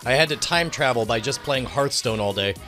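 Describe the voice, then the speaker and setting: A man co-hosting a podcast in casual chat, who gets loud and high when excited. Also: fairly quick, soft background music. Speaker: podcast co-host.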